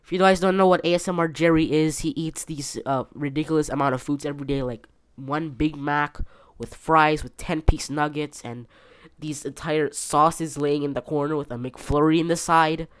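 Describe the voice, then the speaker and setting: A man's voice: a little high, fairly even intonation, moderate pace, clean tone, no room sound, clean studio sound. A man hosting a casual solo podcast from his bedroom, rambling with many fillers and restarts. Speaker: podcast host.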